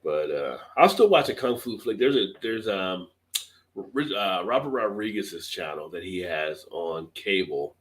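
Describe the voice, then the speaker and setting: Lively low-voiced man, laughing. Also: unhurried, poor audio. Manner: laughs often, animated storytelling with put-on quotes. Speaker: beer channel live stream co-host. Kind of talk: casual live-stream chat.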